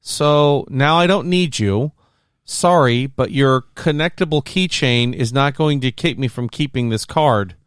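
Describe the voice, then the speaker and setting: A man's voice: medium pitch, unhurried, clear, resonant tone, no room sound, studio quality, voice pushed up, close to an everyday voice. A man voicing a smug male mercenary villain with a mocking, sing-song fake sympathy.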